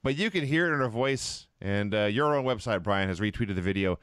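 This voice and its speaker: A man's voice: lowish voice, animated, brisk, fairly bright tone, clean tone, no room sound. A man co-hosting a wrestling podcast, with a voice that rises and falls a lot. He picks wry, playfully grand words, and the close mic leaves him dry and plain. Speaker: podcast co-host. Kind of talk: casual wrestling recap chat.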